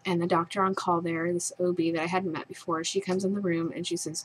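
A woman's voice: fairly low pitch, flat delivery, fairly quick, hardly any pauses, a little hiss or hum, poor audio. A young woman vlogger earnestly retelling a distressing personal experience in her own words. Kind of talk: personal storytelling.

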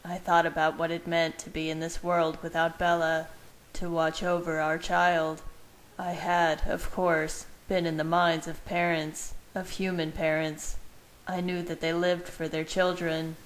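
Woman calmly reading fan fiction aloud. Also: lowish voice, unhurried, poor audio.

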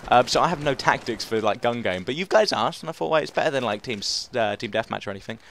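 Young male gamer, quick and animated, self-mocking commentary over faint game noise. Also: medium pitch. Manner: excitable, self-mocking, repeats phrases, yelps when killed. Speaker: gaming commentator. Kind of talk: live gameplay commentary.

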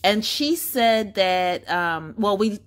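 A woman's voice: medium pitch, expressive, slow pace. Woman vlogger chatting to camera, reads stuff out and makes little asides. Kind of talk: casual chat to camera.

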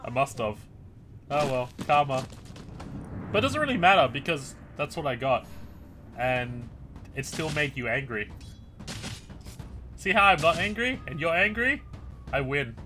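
Male streamer, lively up-and-down voice, crude, gloating play-by-play. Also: fairly high pitch, unhurried, long pauses, a little hiss or hum. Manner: excitable, crude gloating trash talk, bursts of shouting. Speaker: gaming streamer. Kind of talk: live gameplay commentary.

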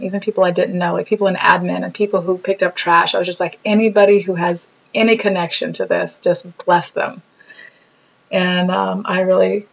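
A woman talking casually about her own hospital stay, telling stories with lively acted-out quotes. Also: vocal fry, dull audio. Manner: animated storytelling, acts out quotes in a bubbly high voice. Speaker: vlogger reacting to her own video. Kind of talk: casual reflective chat.

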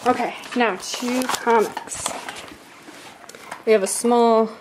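A woman's voice: fairly high pitch, steady tone, slight background noise. A woman vlogging casually at home, chatting while she unboxes and reads out comic titles. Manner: chatty, slow when reading titles.

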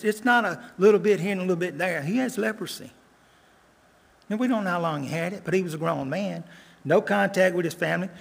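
An older man preaching a sermon as a guest preacher, earnest, repeating lines and slowing down for emphasis. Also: high-pitched, creaky, fairly bright tone, husky. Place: church sanctuary. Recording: long church reverb.

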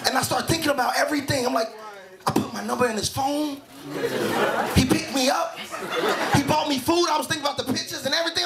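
A man telling a story as a stand-up comedian, animated, with a live crowd laughing. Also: extremely high pitch, quick pace, vocal fry. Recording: played back live club set with crowd and noise.

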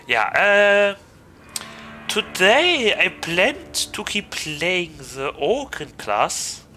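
A man's voice: high-pitched, big pitch swings, extremely slow, pushed and bright, a little hiss or hum, rough recording. A man with a German accent chatting loosely and jokingly to viewers as a game streamer. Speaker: VTuber streamer. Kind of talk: gaming livestream chat.

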